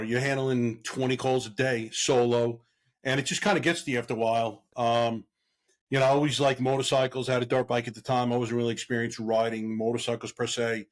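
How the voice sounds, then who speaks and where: Middle-aged guy, ex cop, telling stories, does all the voices, average pitch. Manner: animated storyteller who acts out quoted voices. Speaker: podcast guest, veteran police officer. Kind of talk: casual storytelling.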